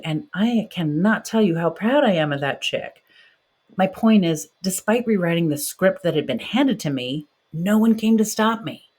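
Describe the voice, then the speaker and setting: A woman's voice: fairly low pitch, a little mellow. A woman in her forties hosting a podcast, talking directly and encouragingly in a motivational monologue. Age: 40s. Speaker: podcast host.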